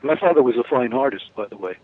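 Halting man on a tinny phone line. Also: medium pitch, lively intonation, husky, no room sound. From New York. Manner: halting, many restarts, chuckles. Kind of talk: casual phone-in chat. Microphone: telephone.

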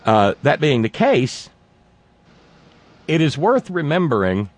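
A man hosting a political talk show, speaking in a halting, sarcastic way with many restarts. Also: on the high side, big pitch swings. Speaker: talk radio host.

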